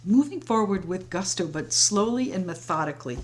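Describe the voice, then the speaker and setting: This tarot reader's medium-pitched voice is expressive and a little fast, carrying a slight hiss or hum. She speaks warmly and fluidly to her viewers as though they were friends, sitting at home as sage burns close by.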